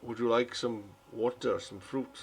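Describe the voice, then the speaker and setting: A man voicing a gentle, weary townsman who speaks in an earnest, halting way. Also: mid-range voice, fairly even intonation, a little hiss or hum, natural voice. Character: gentle foreign male townsman, weary but hopeful.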